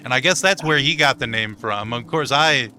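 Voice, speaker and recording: A man's voice: mid-range voice, normal speed, sharp tone, faint music behind. A man voicing a prim, well-kept male goblin servant who stammers politely. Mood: chatty.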